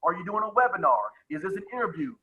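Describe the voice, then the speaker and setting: A man's voice: high voice, animated, rapid-fire, dull audio, a little hiss or hum. A man coaching a live webinar on sales presentations, who talks with energy, repeats his phrases and calls on attendees by name.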